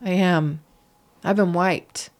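A woman's voice: lowish voice, slow pace. Earnest middle-aged woman telling her story. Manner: earnest, animated, acts out quoted voices. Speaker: guest. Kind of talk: emotional personal storytelling.

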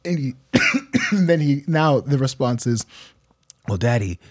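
A man in his thirties in casual conversation, stopping and restarting as he tells stories about his kids. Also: on the high side. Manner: halting, restarts, acts out dialogue with his kids. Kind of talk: casual chat.

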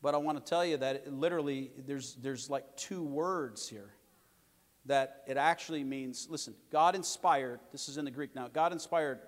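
A man preaching a sermon as pastor, emphatic and repetitive, swinging between loud declarations and quieter asides. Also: medium pitch, moderate pace, long reverb tail.

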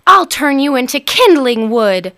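A woman's voice: on the high side, sing-song, a little slow, bright, forceful tone, exaggerated voice. A woman voicing a bold, sly young female troll who chants her lines in a sing-song way. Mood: defiant.

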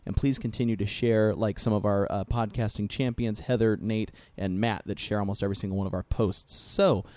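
A man's voice: lowish voice, steady tone, fairly quick, darkish tone. A middle-aged man hosting a casual podcast chat, talking in a chatty, joking way with lots of fillers. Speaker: podcast host.

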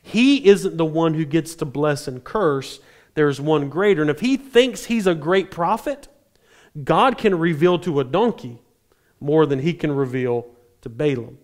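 Casting: a male preacher with a slightly high voice, casual and wry, telling a scripture story to a congregation. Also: unhurried. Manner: conversational, animated retelling with dry humor. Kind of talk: sermon.

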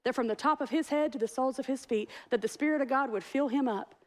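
Animated high-voiced woman preaching. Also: fast talker, hardly any pauses. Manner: animated, storytelling with acted-out quotes. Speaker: pastor. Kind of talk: sermon.

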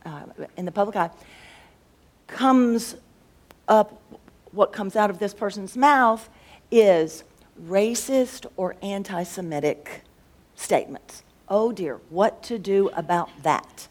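A woman's voice: mid-range voice, lively intonation, slow pace, a little mellow. A woman who teaches school, talking casually about faith and thinking aloud as she searches for words. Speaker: schoolteacher and co-host.

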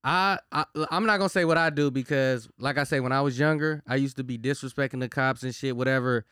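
A man's voice: mid-range voice, fast talker, fairly bright tone, smooth, no echo, studio quality. A man with hosting a casual group podcast, steering the talk and pulling it back on topic. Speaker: podcast host.

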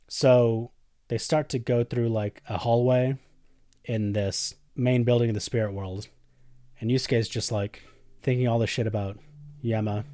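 A man's voice: mid-range voice, fairly even intonation, normal speed, dark tone, no room sound, studio quality. A man hosting a podcast, casually recapping episodes and swearing often, jumping into characters' lines. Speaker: podcast host.

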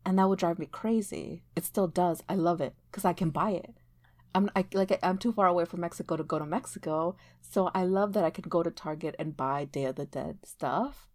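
A woman in casual conversation, speaking in a thoughtful, measured way. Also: lowish voice, darkish tone.

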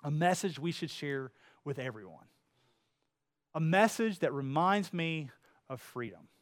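A man preaching a sermon in a church, swinging between loud, emphatic lines and hushed, quiet ones. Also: fairly high pitch, lively intonation, unhurried. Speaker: pastor. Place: church sanctuary.

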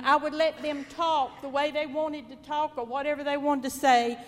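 An older woman with a Southern US accent shares memories of raising her children, folksy and devout, with a gentle chuckle in her talk. Her voice sits high, and a long reverb trails behind her words. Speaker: mother sharing testimony. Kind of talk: personal testimony, reminiscing.

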